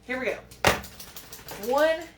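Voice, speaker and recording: Fumbling and fretting out loud, a woman cooking at home chats folksily with her viewers in a high-pitched, slow voice. The home vlogger's demonstration is captured from a distance, with heavy background noise, kitchen echo, and clattering pans.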